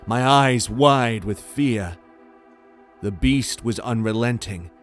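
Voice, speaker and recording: A man with a fairly low voice narrates a first-person horror story. His delivery is tense and steady, with soft music playing under it.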